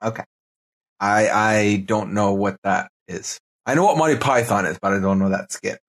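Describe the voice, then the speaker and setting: A man's voice: on the low side, normal speed. A man co-hosting a podcast in casual chat, thinking aloud as he walks through clues. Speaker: podcast co-host.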